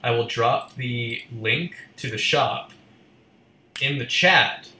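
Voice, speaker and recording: A man's voice: medium pitch, slow pace, sharp tone, reverberant. A man co-hosting a live stream, chatting casually and playfully guessing. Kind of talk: casual chat.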